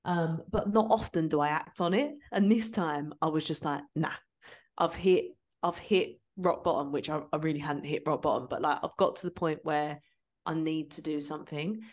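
Lower-voiced woman telling stories. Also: fairly even intonation, fairly quick. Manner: open, storytelling, laughs easily. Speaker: podcast host. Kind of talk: casual chat.

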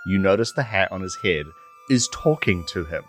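A fairly low-voiced man describing his game character in a loose, rambling way, full of fillers and restarts. Music plays clearly underneath. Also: expressive, normal speed. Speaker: player.

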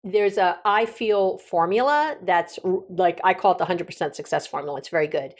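A woman's voice: fairly low pitch, normal speed. A woman hosting a relationship advice podcast, chatting casually, correcting herself mid-sentence and acting out sample dialogue. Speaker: podcast host. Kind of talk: conversational relationship advice talk.

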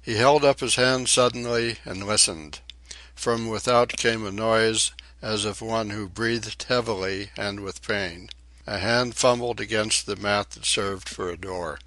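A man reading a short story aloud in a measured, even storytelling way. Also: lowish voice, no room sound. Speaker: audiobook reader. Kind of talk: audiobook narration.

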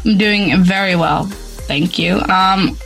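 A woman hosting a podcast interview, friendly and quick to laugh. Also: mid-range voice, creaky, fairly bright tone, soft background music. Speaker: podcast host. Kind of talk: casual interview.

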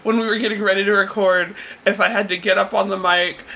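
A woman's voice: medium pitch, fairly even intonation, quick pace, creaky, sharp tone. A young adult woman co-hosting a podcast in casual chat, laughing often and swearing freely. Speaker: podcast co-host.

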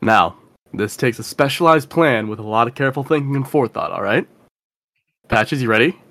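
A man's voice: mid-range voice, a little fast, a bit bright, no room sound. A man playing a tabletop game, chatty and scheming, who slips into talking in character. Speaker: player.

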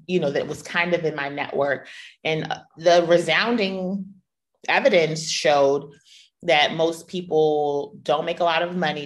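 A middle-aged woman hosts a podcast with a low, fairly bright voice, delivering a personal storytelling monologue. She tells her stories candidly, playfully, and emphatically.

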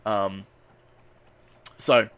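A man on a podcast recapping a movie in casual chat, animated and swearing freely with rambling asides. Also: lowish voice, very slow, clean tone, dry recording. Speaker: podcast co-host recapping a film.

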